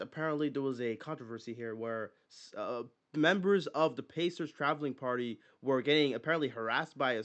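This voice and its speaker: A man's voice: mid-range voice, a bit bright, no echo. A man hosting a video, giving casual, joking commentary over clips. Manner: joking, chatty asides. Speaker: video host.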